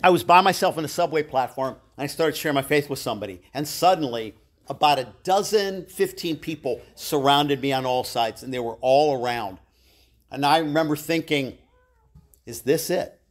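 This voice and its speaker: A man's voice: on the high side, a little fast. Conversational man teaching a church class. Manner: conversational, self-deprecating storytelling with asides to the class. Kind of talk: live church Bible lesson.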